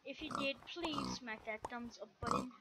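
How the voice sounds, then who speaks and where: A woman's voice: a little high, huge pitch swings, normal speed. A woman hosting a gameplay video, commenting as she plays with frequent startled exclamations. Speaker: gaming video host. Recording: loud background noise.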